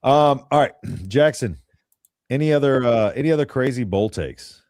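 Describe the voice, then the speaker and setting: A young man co-hosting a sports call-in show, talking in a casual, opinionated, rambling way and often clearing his throat. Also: medium pitch, expressive, normal speed, darkish tone, no echo, studio quality.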